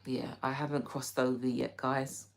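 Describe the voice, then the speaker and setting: A woman with a low, unhurried voice hosting a casual live stream. She reads viewer comments aloud and answers them chattily, teasing playfully and laughing easily. Her talk stays relaxed and conversational throughout. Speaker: livestream host.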